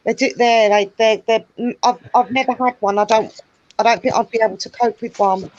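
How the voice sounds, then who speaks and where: A woman's voice: fairly high pitch, fairly even intonation, a little fast, darkish tone, no room sound, highs cut off. A woman hosting a casual chat, talking at length in a rambling, chatty way. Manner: chatty, rambling, fond of birds. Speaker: host.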